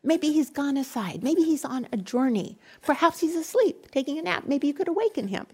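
Bold, defiant old-time prophet declaiming loudly, a woman reading him aloud, voice a touch high. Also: unhurried. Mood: mocking.

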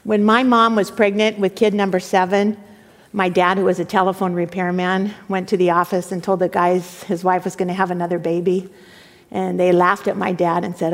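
A woman preaching a sermon, reading scripture dramatically and emphatically, with sudden hushed drops. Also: on the low side, level tone, moderate pace. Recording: long hall reverb.

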